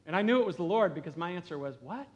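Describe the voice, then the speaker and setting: Middle-aged pastor guy preaching, slightly high voice, chatty and earnest, gets quiet for emphasis. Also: lively intonation, racing, highs cut off. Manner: conversational, earnest, with dramatic quiet drops. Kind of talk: sermon. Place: church sanctuary.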